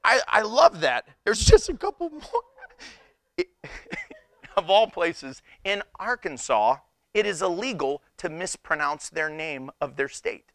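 A man's voice: a little high, unhurried, dry recording. A man preaching a humorous sermon, telling stories with frequent laughter and incredulous exclamations. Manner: animated storytelling with frequent laughter. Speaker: pastor.

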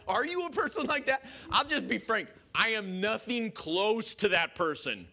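A man preaching a sermon in an animated way, questioning his listeners and chuckling as he goes. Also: very high-pitched, normal speed, few pauses. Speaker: pastor.

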